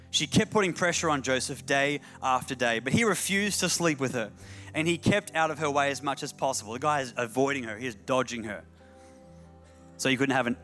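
A man's voice: medium pitch, fairly bright tone. A man preaching a sermon, repeating key phrases for emphasis and slipping in humorous asides.

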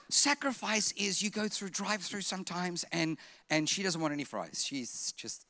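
A male pastor delivers a sermon in a high, bright, ringing voice. He tells funny stories with big energy and sometimes rises to a shout. The sound is dry and close. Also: moderate pace, no room sound. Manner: animated humorous storytelling, bursts into shouting.

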